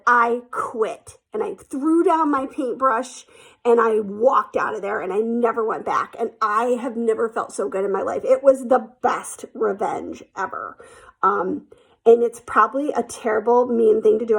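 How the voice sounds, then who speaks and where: A woman's voice: a little high, gravelly, husky. A woman telling a personal story in a casual, chatty way, with lots of fillers, acting out the quotes.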